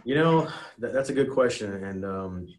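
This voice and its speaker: A retired American helicopter pilot telling a war story as a podcast guest, earnest and emotional, with many restarts and "you know"s. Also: male voice, lowish voice, animated, normal speed. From United States. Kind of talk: casual spoken storytelling.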